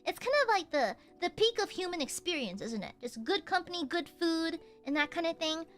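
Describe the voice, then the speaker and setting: Lively high-voiced woman streamer. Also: fairly quick, soft background music. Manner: animated, laughs often, swears casually. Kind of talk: casual storytelling chat.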